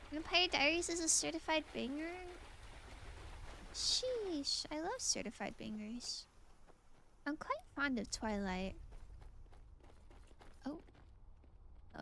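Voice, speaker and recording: A woman's voice: high-pitched, vocal fry, a bit bright, a little hiss or hum. A woman streamer chatting casually while playing a game, musing aloud and answering her chat.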